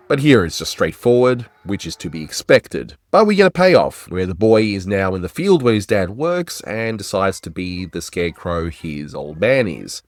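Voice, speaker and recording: Fields: Sex: man. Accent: Australian. Role: animation review host. Style: casual, chatty commentary. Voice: deep, lively, dry sound. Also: no room sound.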